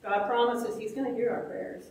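A woman leads a children's Bible lesson in a lively, questioning way, acting out little prayers as she goes. Her voice sits a little high and comes from some distance away. The church room around her is very echoey. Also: moderate pace, creaky, a little hiss or hum. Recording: echoey room, mic far off.

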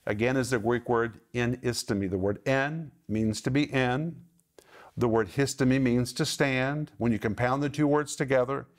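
A middle-aged man hosting a televised Bible teaching program, speaking in an earnest, emphatic way and stressing each word of a list. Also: medium pitch.

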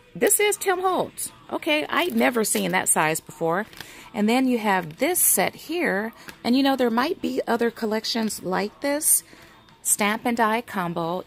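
Chatty woman browsing a store, unhurried. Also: mid-range voice, creaky. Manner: chatty, reads labels aloud, muses to herself. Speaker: craft vlogger browsing a store. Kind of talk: casual shopping walkthrough. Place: indoor retail store aisle.

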